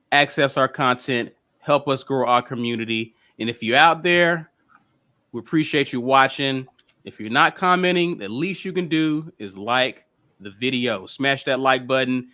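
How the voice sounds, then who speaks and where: A man's voice: medium pitch, pushed and bright. A man hosting a live sports talk show, upbeat and promotional. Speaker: host.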